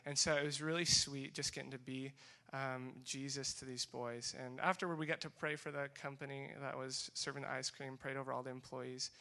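A young man giving a testimony talk to a group, animated and acting out the dialogue as he tells the story. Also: mid-range voice, a little fast, gravelly, hardly any pauses. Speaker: speaker sharing a mission trip story.

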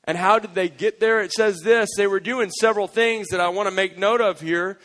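A man preaching a sermon as pastor, energetic and emphatic, with playful storytelling. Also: high-pitched, brisk, rough recording.

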